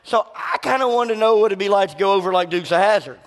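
A man's voice: high-pitched, fast talker. A middle-aged man, preaching a sermon full of folksy personal stories and questions to the congregation. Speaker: pastor. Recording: long hall reverb.

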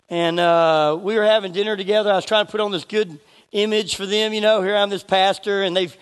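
A middle-aged man, preaching a sermon as pastor and telling stories with animated asides. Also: high-pitched. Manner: storytelling, animated, chuckling asides. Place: church sanctuary. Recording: long reverb of a church hall.

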